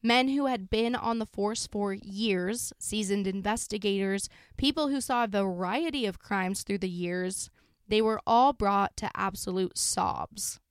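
A woman with a smooth, clear voice narrates a true crime story in a loose, chatty way, full of fillers. She sounds close and dry, with no room around her. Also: mid-range voice, a little slow, no echo. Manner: casual, sombre retelling with frequent fillers. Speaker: podcast host.

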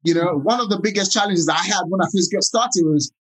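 A man's voice: high-pitched, brisk, fairly bright tone, breathy edge, rough recording. A man with a Nigerian accent interviewing a guest, effusive and grateful, talking in long run-on sentences full of fillers. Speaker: interviewer, business owner. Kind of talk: casual interview.

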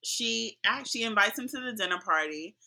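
A woman co-hosting a casual chat, talking in a playful, slangy, animated way. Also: on the high side, fairly quick, vocal fry. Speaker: podcast co-host. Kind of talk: casual chat recapping a reality show.

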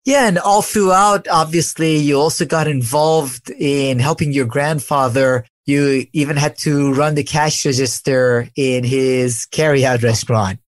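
A male podcast host who greets his guest with open enthusiasm and steers the conversation with eager prompts. His voice sits slightly high. The recording is dry and close, with no room sound. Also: unhurried, few pauses, dry recording. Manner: enthusiastic, effusive welcome. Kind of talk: interview hosting.

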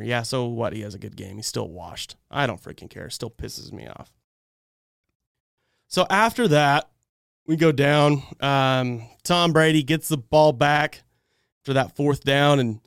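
Fan stream host, male, slightly high pitched, heated and fed-up, dry room. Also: sing-song, moderate pace, fairly bright tone, dry recording. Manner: heated, exasperated ranting. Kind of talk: livestreamed fan game breakdown.

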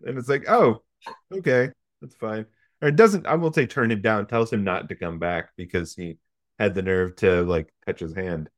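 A man's voice: low voice, normal speed, dry recording. Wry man recapping a film, dry sound. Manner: profane, wry storytelling with asides. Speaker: podcast host recapping a film. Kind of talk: casual comedic film recap.

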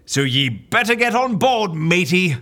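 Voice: mid-range voice, sing-song, unhurried, bright, forceful tone. Someone playing a rowdy pirate-talking office mate. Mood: hearty piratical. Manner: theatrical pirate slang, big swoops.

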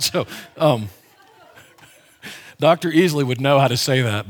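A man's voice: a little high, normal speed, pauses often, a bit bright. A man pastor giving a conversational, emphatic sermon, often restarting his sentences as he explains a Bible passage.

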